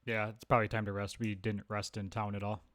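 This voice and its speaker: A man's voice: on the low side, flat delivery, fast talker, a bit bright, no room sound. A man playing a tabletop game, talking in a laid-back, matter-of-fact way. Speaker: player. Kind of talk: casual tabletop play.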